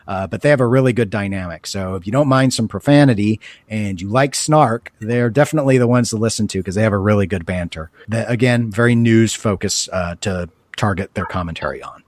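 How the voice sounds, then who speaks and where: A man's voice: medium pitch, dry recording. Nasal man in casual podcast chat. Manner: chatty, self-mocking, loose and rambling. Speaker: podcast co-host.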